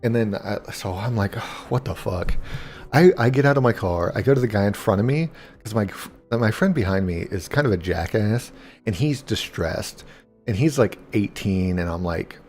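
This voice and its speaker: A man's voice: lowish voice, lively intonation, normal speed, a little mellow, soft background music. A young man casually telling a rambling, profane story while gaming, full of fillers. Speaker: gaming streamer.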